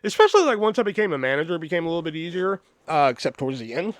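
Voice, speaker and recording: A man in casual storytelling mode, swearing freely and jumping into voices for the people in his stories. His voice sits a little high for a man and sounds close and dry, with no room around it. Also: very fast, no echo. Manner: profane, animated, acts out quoted voices. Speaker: podcast host.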